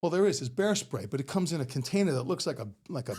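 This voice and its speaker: A middle-aged man tells a story in an easy, chatty way. He laughs often and jumps into the voices of the people in his tale. His pitch swings widely as he goes. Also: fast talker, husky. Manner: animated, laughing often, acts out quoted voices. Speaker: podcast guest. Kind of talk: casual storytelling.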